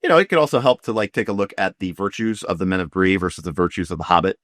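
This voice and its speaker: Casting: low-pitched male game master, loose and rambling, dry close sound. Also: animated, racing, a bit bright, dry recording. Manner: rambling, many fillers and restarts. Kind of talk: casual tabletop game chat.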